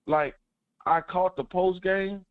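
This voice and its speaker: A man calling into a sports radio show, talking fast and fired up, with lots of repetition and cussing. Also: high voice, smooth, no echo. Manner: animated, swears, preachy repetition. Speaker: caller. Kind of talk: excited sports call-in. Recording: muffled phone line.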